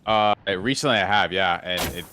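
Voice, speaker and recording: A man's voice: low voice, moderate pace, background noise. A man chatting casually on a gaming stream, often repeating words as he starts a thought.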